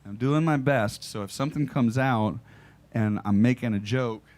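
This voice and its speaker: A man's voice: mid-range voice, normal speed, darkish tone. A man, a singer-songwriter telling dry, self-deprecating stories between songs at a live show. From United States. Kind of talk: casual stage banter between songs. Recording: live performance with guitar behind. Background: guitar music.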